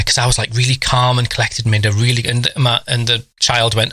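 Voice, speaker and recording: A man co-hosting a podcast, telling family anecdotes in a casual, animated way. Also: medium pitch, fast talker, hardly any pauses, no room sound. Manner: animated anecdote-telling, acts out children's voices. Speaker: podcast co-host. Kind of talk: casual storytelling chat.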